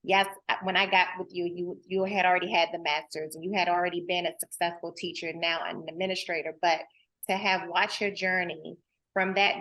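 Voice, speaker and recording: A woman's voice: fairly low pitch, flat delivery, a little fast, pushed and bright. A woman host talking in a heartfelt, casual way, earnest and emotional, and addressing her audience directly in informal speech. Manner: informal and folksy, full of "girl" and "y'all".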